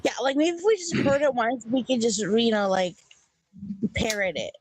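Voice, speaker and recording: A woman's voice: on the high side, sing-song, normal speed, darkish tone, no room sound, low-quality recording. A young woman chatting casually on a panel show, playful and joking, swearing freely. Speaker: panel co-host. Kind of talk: casual chat.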